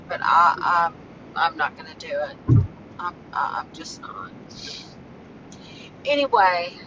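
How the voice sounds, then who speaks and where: Woman vlogger, slow halting delivery, bright tone, dull phone audio outdoors. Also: mid-range voice, a little hiss or hum. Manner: slow, halting, emotional rants. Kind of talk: casual vlog talk. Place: walking outdoors near home.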